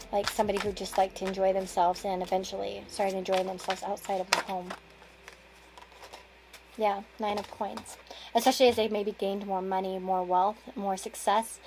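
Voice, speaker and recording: A woman's voice: medium pitch, noisy background. Rambling woman giving a tarot reading. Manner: rambling, restarts sentences, chuckles between thoughts. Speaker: tarot card reader. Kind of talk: casual tarot reading to camera.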